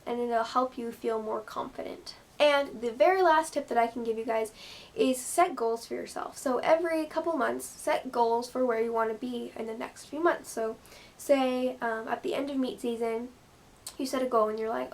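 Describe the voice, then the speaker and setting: Woman vlogger, fairly high voice, casual rambling advice. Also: moderate pace. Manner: chatty, lots of "like" and "you know". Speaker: gymnast vlogger.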